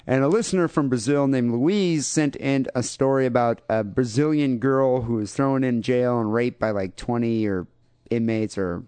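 A man's voice: mid-range voice, moderate pace, mellow, smooth, no room sound. A man hosting a casual comedy podcast, rambling and joking with many fillers. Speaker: podcast host.

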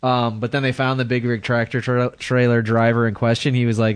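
A man's voice: mid-range voice, flat delivery, a little fast, clear, resonant tone, no room sound. A man co-hosting a casual podcast, reading news stories aloud with crude jokes, often stumbling over names and laughing mid-sentence. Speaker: podcast co-host.

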